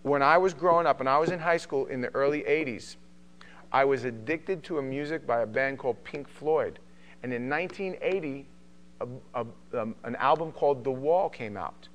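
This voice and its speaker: A middle-aged man from New York with a New York accent, teaching a Bible study in a joking, animated way. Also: mid-range voice, normal speed. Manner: joking, animated, does mocking voices. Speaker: pastor.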